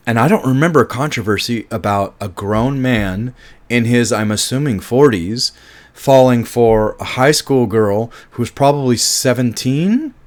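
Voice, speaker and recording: A man in the middle of his range talks through a film he loves in a casual review monologue. He is emphatic and heated, swears freely, and keeps restarting his sentences as his feelings run ahead of his words. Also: medium pitch.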